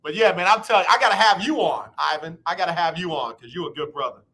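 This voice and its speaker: Male radio host, casual talk, high bright voice, animated delivery. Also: fast talker. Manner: animated, acts out both sides of talks.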